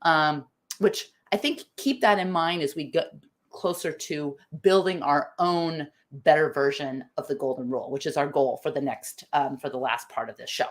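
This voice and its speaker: A woman's voice: sits low, moderate pace. A middle-aged woman from the United States hosts a live-stream talk, thinking aloud, restarting phrases and reading out viewer comments. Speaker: live show host.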